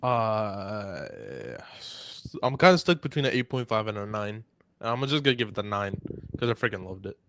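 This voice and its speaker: A man's voice: lowish voice, moderate pace, fairly bright tone. Blunt young man, casual podcast talk. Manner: blunt, offhand opinions. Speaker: co-host.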